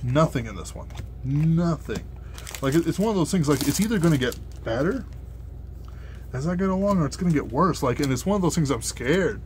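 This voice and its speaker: A man's voice: on the high side, animated, fairly quick, a little mellow, slight background noise. A young man who rambles in a casual, filler-heavy way while he opens card packs, swearing when he gets annoyed. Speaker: card unboxing host.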